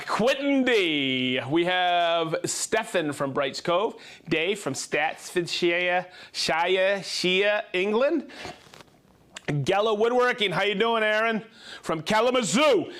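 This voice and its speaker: A man hosting a live show, reading out viewer names in a playful, energetic way. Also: high voice. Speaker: show host. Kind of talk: live show shout-outs.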